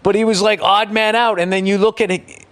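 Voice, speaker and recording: A man's voice: high voice, a little fast, clear, resonant tone. Profane middle-aged man ranting casually. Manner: profane, animated storytelling with impressions. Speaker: podcast host. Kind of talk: casual podcast monologue.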